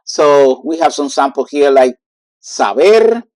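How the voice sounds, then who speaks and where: Slow, halting teacher. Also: mid-range voice, animated, darkish tone, dry recording. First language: Spanish. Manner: halting, with many fillers, repeats words slowly for drilling. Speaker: Spanish teacher. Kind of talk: online language lesson.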